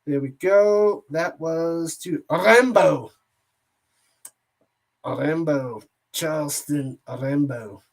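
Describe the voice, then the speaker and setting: A man hosting a watch party, giving casual play-by-play commentary in a jokey, excitable way that rambles between plays and shouts on big plays. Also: a little high, extremely slow, vocal fry, pauses often.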